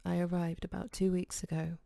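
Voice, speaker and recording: A woman reading the lines of a gentle, quietly insistent man in a calm, even voice. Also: fairly low pitch, a little fast, creaky, no echo, studio quality.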